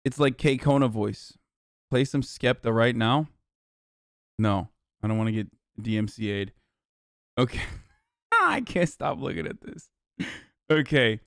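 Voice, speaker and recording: Gravelly-voiced sarcastic male streamer. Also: mid-range voice, very animated, unhurried, long pauses, a bit bright, no room sound, studio quality. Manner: profane, sarcastic. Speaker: streamer host. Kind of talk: casual live-stream commentary.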